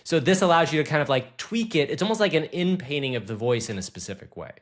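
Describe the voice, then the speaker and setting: A man's voice: fairly high pitch, expressive, fast. A man co-hosting a tech podcast in an enthusiastic, conversational way. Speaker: podcast co-host. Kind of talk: casual tech podcast chat.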